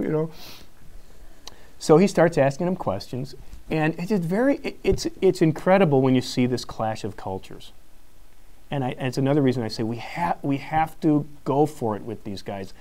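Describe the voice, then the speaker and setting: A man, a high school teacher, giving a live conference talk, telling a story and acting out each exchange with frequent laughs. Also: normal speed. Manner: animated storyteller, acts out quotes, laughs often.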